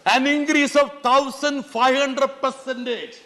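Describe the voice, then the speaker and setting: MP, very high voice, fiery floor speech with bursts of shouting, echoing chamber. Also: male voice, fairly even intonation, a little slow. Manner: impassioned, keeps pleading "sir", sometimes shouting. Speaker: member of parliament. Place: large parliament chamber. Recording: long reverb of a large chamber.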